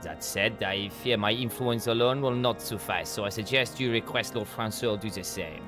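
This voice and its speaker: A man's voice: fairly low pitch, moderate pace, music in the background, pitched below the performer's own voice, lightly acted. A man voicing a courteous noble lord with a French accent, in a game voiceover. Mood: formal.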